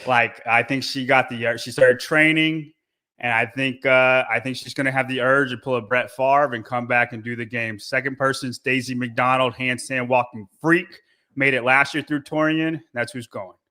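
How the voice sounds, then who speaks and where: A man with a bright, forward voice at a middle pitch talks through his picks casually and with confidence. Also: fairly even intonation, moderate pace. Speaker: podcast guest. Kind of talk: casual chat.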